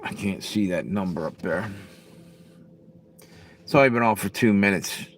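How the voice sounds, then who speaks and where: A middle-aged man with a voice on the low side chats with his livestream viewers at a moderate pace. He's blunt, profane, and rambling, and there's faint background noise.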